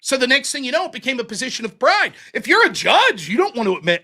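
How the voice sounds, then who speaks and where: Fast-talking high-voiced male streamer. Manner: animated, profane storytelling. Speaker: livestream host. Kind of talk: casual livestream commentary.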